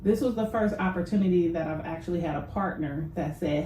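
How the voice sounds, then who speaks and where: A woman's voice: on the low side, fairly quick, mellow, a little hiss or hum. A middle-aged woman chef speaking earnestly and laughing easily as a guest in a casual interview. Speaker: guest, chef and business owner. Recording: echoey room.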